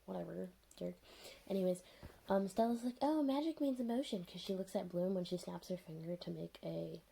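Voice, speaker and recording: A woman's voice: on the low side, steady tone, a little fast, gravelly, warm tone, a little hiss or hum. Sarcastic woman recapping a TV episode. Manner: sarcastic, exasperated retelling full of "like" and "um". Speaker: TV episode reviewer. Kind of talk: casual spoken recap.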